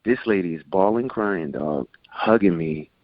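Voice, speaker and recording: Deep-voiced man telling lively stories. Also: measured pace, dry recording. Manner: animated, acts out quotes in voices. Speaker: guest. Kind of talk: casual storytelling. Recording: dull lo-fi sound.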